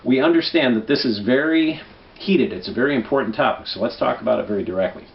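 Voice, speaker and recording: A man's voice: mid-range voice, fast talker, creaky, highs cut off. A man from Minnesota hosting a comic election guide, talking in a conversational, persuasive way and often checking in with "right?". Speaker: political commentary host.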